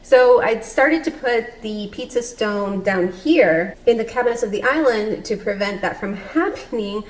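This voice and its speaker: A woman's voice: mid-range voice, rough recording. A woman in her thirties chatting in a casual home vlog from her kitchen, upbeat and laughing often. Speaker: vlogger.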